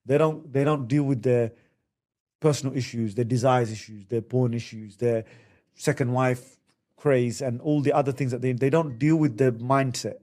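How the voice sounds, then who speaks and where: Male counsellor, conversational podcast delivery, mimics others in raised voices. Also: moderate pace. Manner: animated, acts out quotes with high voices. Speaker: Islamic family counsellor.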